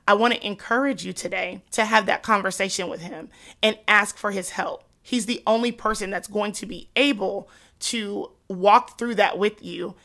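A woman's voice: mid-range voice, a bit bright. A woman with a congested nose from allergies, hosting a faith podcast in a chatty style and talking to listeners like close friends. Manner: chatty, addresses listeners as sis and y'all. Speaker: podcast host. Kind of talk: casual faith talk.

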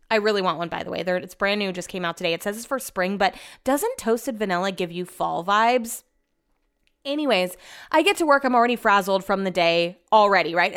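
A woman's voice: medium pitch, fairly bright tone. A woman telling a long, rambling, exasperated story in casual chat from her home office, swearing freely and saying "like" a lot.

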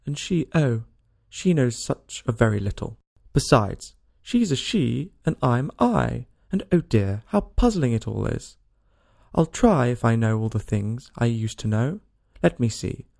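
A man's voice: mid-range voice, vocal fry, dark tone, full character voice. A man reading a storybook aloud and voicing a small curious girl who talks to herself in a rambling, worried way.

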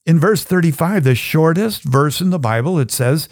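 A middle-aged man hosting a faith podcast, reflecting on Bible verses in an earnest, conversational way and reading Scripture slowly. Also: fairly high pitch, animated, no room sound, clean studio sound. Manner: gets choked up and soft when sharing personal grief. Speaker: podcast host. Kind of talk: reflective Bible teaching talk.

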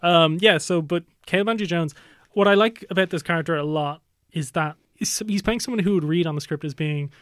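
Young guy gabbing about movies, kinda high voice, laughs a lot, dead dry sound. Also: brisk, clean tone, no room sound. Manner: animated, laughs often, acts out movie lines. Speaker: podcast co-host. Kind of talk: casual film podcast chat.

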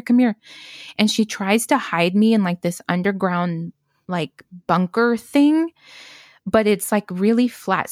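A woman's voice: medium pitch, no room sound, clean studio sound. A woman in her thirties telling a dream story in casual chat, rambling with lots of "like" fillers. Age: 30s. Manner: rambling, many "like" fillers, acts out quotes.

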